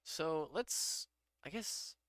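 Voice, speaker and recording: Easygoing programmer talking to themself, self-deprecating, with an animated, crisp voice. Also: mid-range voice, very slow, dry recording, studio quality. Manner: muttering, self-deprecating, laughs at own mistakes. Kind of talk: casual thinking-aloud coding vlog.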